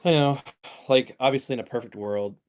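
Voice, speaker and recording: A man's voice: mid-range voice, brisk, clean tone. A man co-hosting a gaming podcast in casual chat, bantering and joking at his own expense. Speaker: podcast co-host.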